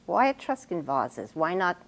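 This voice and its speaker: A woman acts out an exacting, established writer who takes her student apart with precise, pointed remarks. Her voice rides up and down with lively, animated inflection. This is a stage scene played on a talk show. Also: fairly low pitch, unhurried. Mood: probing. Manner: lecturing, precise, wide-ranging inflection. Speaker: actress.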